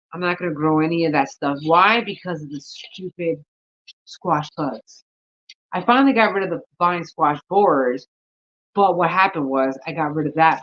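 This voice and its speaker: A woman's voice: sits low, a bit bright, highs cut off. Tired, chatty woman gardening vlogger. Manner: rambling, chatty, talks to herself. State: tired, yawning. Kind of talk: casual vlog chat.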